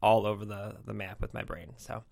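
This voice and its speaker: A man's voice: lowish voice, little pitch movement, brisk, gravelly, a little mellow. A man hosting a podcast in casual chat, rambling and self-deprecating, laughing often. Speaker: podcast host.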